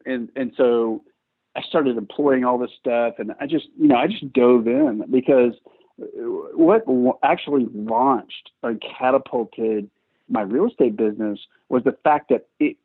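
A man guest in an interview, telling his story in a lively, self-mocking, chatty way. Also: medium pitch, measured pace, breathy edge. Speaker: guest entrepreneur. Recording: tinny phone-like line, dry.

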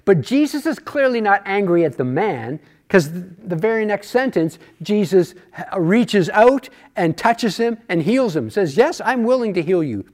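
A man's voice: high-pitched, darkish tone. A man teaching a Bible study class, talking through a passage conversationally and asking rhetorical questions.

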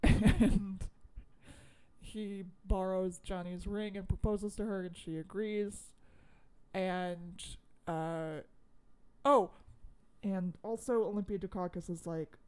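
A woman's voice: medium pitch, fairly even intonation, slow pace, darkish tone, clear, resonant tone. A woman co-hosting a casual chat, retelling a movie scene by scene with quoted lines and laughter. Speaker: podcast co-host.

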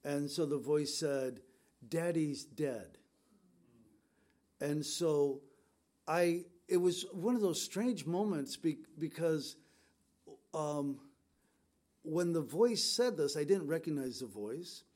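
A man's voice: a little high, expressive, takes it slowly, darkish tone. A middle-aged man pastor speaking to his congregation in a conversational, storytelling way, with fillers and restarts. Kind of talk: sermon.

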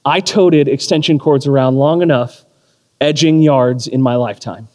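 A man in his thirties preaching a sermon, telling a story with animated, self-deprecating humor. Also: medium pitch, normal speed. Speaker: pastor. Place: church or community hall. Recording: long hall reverb.

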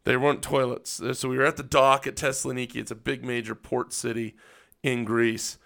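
Co-host: man with a bright, forceful voice, swears freely, laughs through his stories. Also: medium pitch, level tone, fairly quick, vocal fry. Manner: profane, laughing storyteller. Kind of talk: casual storytelling chat.

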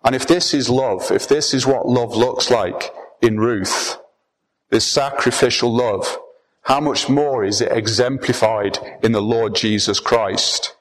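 A man's voice: medium pitch, unhurried, a little hiss or hum, rough recording. A man preaching a sermon as pastor, earnest and emphatic, often restarting his phrases.

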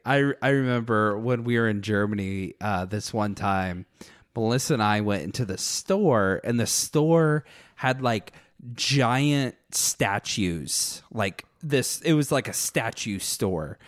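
An American man telling travel stories in casual chat, halting and full of fillers. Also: fairly low pitch, animated, dry recording, studio quality. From United States. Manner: halting, filler-heavy storytelling.

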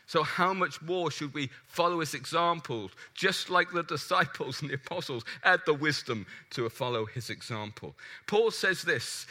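Bright, forceful male preacher. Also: on the high side, normal speed, hardly any pauses. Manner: animated, emphatic, asks the congregation questions. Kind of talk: sermon.

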